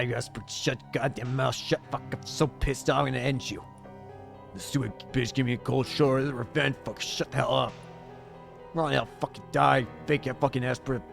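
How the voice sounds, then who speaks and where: Vulgar young street thugs voiced by a man spit curses and threats in a sneering, ordinary-pitched voice. The hatred is plain in every line. It is a visual novel read aloud. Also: gravelly, a bit bright. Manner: swearing, snarling, sneering.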